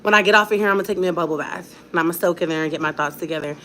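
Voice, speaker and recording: A woman's voice: lowish voice, rapid-fire, sharp tone, a little hiss or hum. A young woman talking straight to her viewers in a casual vlog, blunt and defiant, with a lot of slang. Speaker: vlogger.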